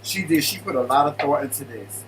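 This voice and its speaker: A man co-hosting a casual live stream from his living room, greeting viewers in an animated, playful way. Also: on the high side, a little fast, distant mic, a little hiss or hum, rough recording. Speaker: co-host of a live stream show.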